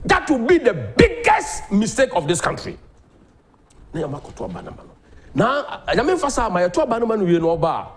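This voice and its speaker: A Ghanaian man hosting a political talk show, delivering animated commentary that mixes Twi and English. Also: high voice, a little fast. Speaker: host.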